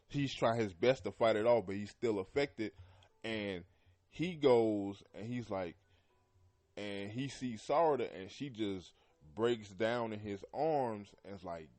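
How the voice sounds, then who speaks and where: Male podcast host, lower voice, easygoing rambling fan commentary, frequent throat clearing. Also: slow, pauses often, darkish tone. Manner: loose and rambling, heavy with "you know" and "man"; often clears his throat. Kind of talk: casual anime commentary.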